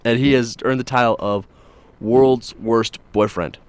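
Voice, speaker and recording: A man's voice: medium pitch, steady tone, measured pace, clean tone, no room sound. A man hosting a morning show, telling news stories in a rambling, jokey way with plenty of fillers. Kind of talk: casual radio-style chat.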